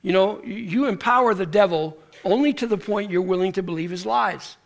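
Speaking fairly quickly in a high, gravelly voice, this pastor tells animated stories in his sermon. He acts out the characters' quotes and frequently restarts.

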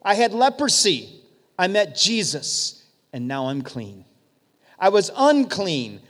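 A man's voice: high voice, very animated, slow pace, fairly bright tone, heavily acted. A man voicing a healed male leper who keeps repeating the same simple testimony. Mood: earnest. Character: healed male leper telling his story. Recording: long hall reverb.

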